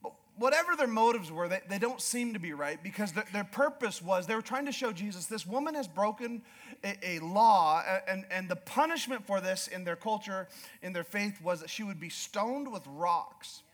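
A high-pitched man preaching a church sermon. He moves between quiet, hushed storytelling and loud, fervent declarations, often stumbling over repeated words as he restarts. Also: lively intonation, moderate pace. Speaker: pastor.

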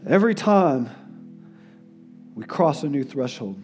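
A male guest preacher giving an earnest sermon, sometimes emotional and dropping his voice softly for quotes. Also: big pitch swings, unhurried, faint music behind. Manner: earnest, tearful in places, drops to soft low tones for quotes. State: crying at times.

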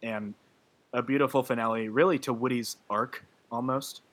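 A man's voice: mid-range voice, fairly even intonation, moderate pace, fairly bright tone. Emotional man rambling in casual chat. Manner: emotional, rambling, many fillers and restarts; gushing about a film, laughing through his words.

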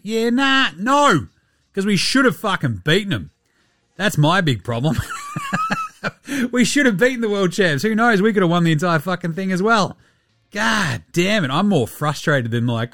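Animated, swearing Australian podcast host. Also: male voice, a little high, a little slow, pauses often, dry recording, studio quality. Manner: animated, profane, rambling. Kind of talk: casual sports podcast chat.

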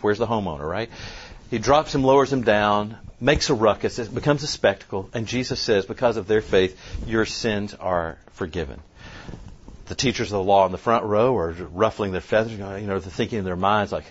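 A man speaking at a conference, telling a story in an animated way and quoting people as he goes. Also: fairly low pitch, normal speed, husky. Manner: animated, tells the story with quoted voices. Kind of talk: storytelling talk. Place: conference room. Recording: dull lo-fi sound, faint noise.

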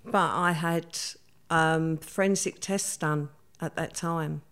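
Middle-aged woman, interviewee, low-pitched voice, brisk conversational storytelling. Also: steady tone, a bit bright, clear, resonant tone. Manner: vivid, hurried retelling with many quoted voices.

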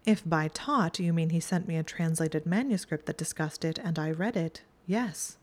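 A prim, bookish young witch who explains things briskly and matter-of-factly, as a woman reading a storybook puts her on. The voice sits a little above the reader's own low tone.

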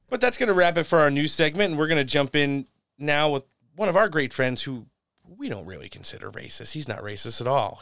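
Smooth-voiced male talk show host. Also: medium pitch, a bit bright, dry recording. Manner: loose, profane, offhand. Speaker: podcast host. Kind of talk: casual talk show chat.

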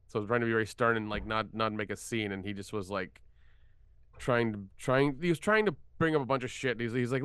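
A man on a podcast telling a story from a film set in a rapid, profane way, with many restarts. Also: mid-range voice, a bit bright, smooth, dry recording, clean studio sound. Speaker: podcast co-host, filmmaker. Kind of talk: casual podcast chat.

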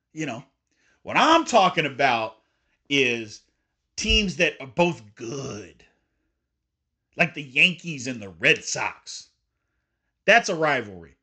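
A man hosting an opinionated sports talk show, high-pitched and swinging widely up and down as he argues his points. His tone is bright and forceful, and he talks emphatically, sometimes slipping into mock voices of fans. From Indiana. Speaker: sports podcast host.

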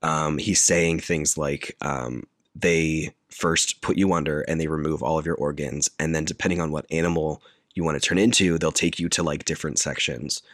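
A man's voice: a bass voice, steady tone, moderate pace, a bit bright, dry recording, studio quality. A man casually retelling a film's scenes in detail on a podcast, talking in a loose, filler-heavy way. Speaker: podcast co-host recapping a film. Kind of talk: casual chat.

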